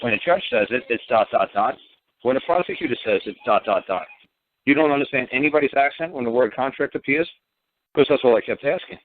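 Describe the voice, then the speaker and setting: A man's voice: mid-range voice, animated, fast. A man with a New York accent talking in a blunt, profane, rambling way on a radio call-in show. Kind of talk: casual radio call-in talk. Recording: dry phone-line audio.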